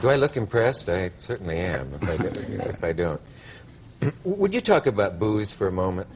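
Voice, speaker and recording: A man's voice: fairly low pitch, very animated, normal speed, heavy background noise. A man hosting a talk show, asking questions in a wry, teasing way.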